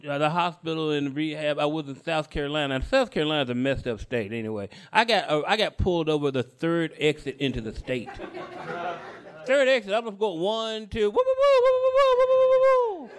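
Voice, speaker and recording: Male stand-up comedian, higher voice, live on stage, storytelling. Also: expressive, fairly quick, crowd noise. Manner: storytelling with punchlines.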